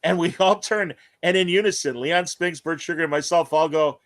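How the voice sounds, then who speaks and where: A man's voice: on the high side, normal speed, a bit bright. A man hosting a casual interview podcast, telling long rambling anecdotes full of fillers. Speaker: podcast host.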